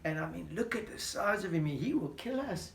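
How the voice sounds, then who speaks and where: Brief: a storyteller man retelling a Bible tale for kids, animated, asks questions, roomy sound. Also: sits high, moderate pace, creaky. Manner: animated, questioning, talks to a listener. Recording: roomy echo.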